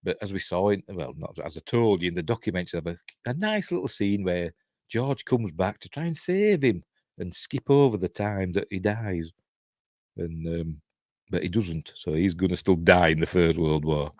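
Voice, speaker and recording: A man with a Yorkshire accent talks through a film in a casual, rambling review full of chuckling asides. His voice sits on the low side. The recording is close and dry. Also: lively intonation, normal speed, darkish tone, dry recording.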